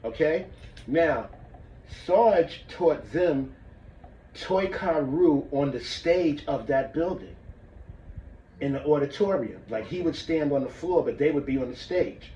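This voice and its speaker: A man's voice: a little high, animated, slow, dark tone, roomy sound, a little hiss or hum. Man, martial arts instructor, casual demo talk, muffled and far from the mic. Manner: casual, demonstrates as he talks, checks in with "all right?". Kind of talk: demonstrating breathing technique.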